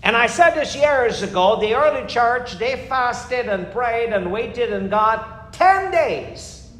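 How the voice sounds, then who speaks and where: A man preaching a fervent sermon as pastor, emphatic, with sudden rises and slowed, stressed lines. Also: very high-pitched, animated, a bit bright. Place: church. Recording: echoey church room.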